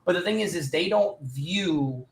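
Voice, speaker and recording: A man's voice: sits high, expressive, measured pace. Man explaining in an echoey room. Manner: explaining, reasoned. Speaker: podcast co-host. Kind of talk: casual chat.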